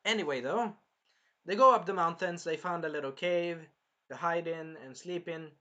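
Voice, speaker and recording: A man's voice: on the high side, moderate pace, pushed and bright, muffled recording. A man casually chatting through an anime episode review, rambling and swearing now and then as he retells scenes.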